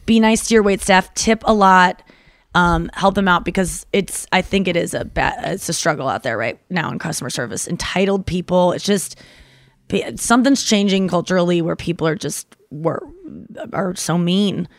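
A woman podcast host in casual chat, giggly and animated as she tells stories. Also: lowish voice, normal speed, no room sound.

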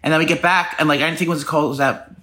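A man in his thirties rattles off a gossipy story at a quick clip. He co-hosts a casual podcast and keeps slipping into other people's voices as he tells it. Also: a little high, steady tone, bright, forceful tone. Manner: rapid gossipy storytelling, acts out quotes. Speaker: podcast co-host.

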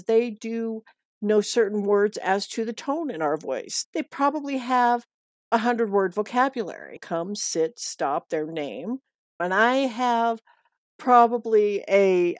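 A woman's voice: mid-range voice, expressive, measured pace, dry recording. Chatty middle-aged American woman, dry sound. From United States. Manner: chatty, repeats herself, earnest. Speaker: dog walker giving pet tips. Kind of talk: casual advice talk.

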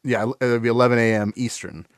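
A man hosting a casual gaming podcast, talking in a relaxed way with lots of fillers and restarts. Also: medium pitch, brisk, dry recording, studio quality. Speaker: podcast host.

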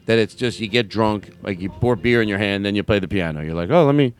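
A man hosting a comedy podcast, rambling loudly, laughing often and slipping into silly voices. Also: lowish voice, fast, dry recording. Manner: loud, laughing, jumps between bits and silly voices. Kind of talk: rambling comic banter.

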